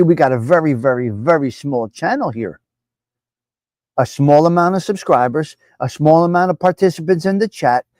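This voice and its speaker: A man's voice: on the high side, darkish tone, dry recording. A man from New Jersey with a New Jersey accent, hosting a live stream and talking bluntly, repeating himself for emphasis. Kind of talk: casual opinionated live stream talk.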